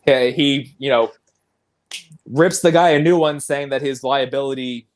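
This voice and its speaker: A man's voice: mid-range voice, fairly even intonation, a little slow. Enthusiastic man recapping a film. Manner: enthusiastic, recaps scenes and laughs often. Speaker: podcast host. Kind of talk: casual film discussion.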